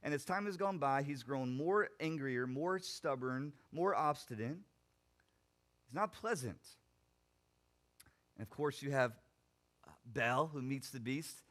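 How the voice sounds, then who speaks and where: Young man, pastor giving a sermon; animated preaching that swings from loud emphasis to soft reflection. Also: medium pitch, unhurried, pauses often. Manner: animated preaching, rising loud then dropping quiet.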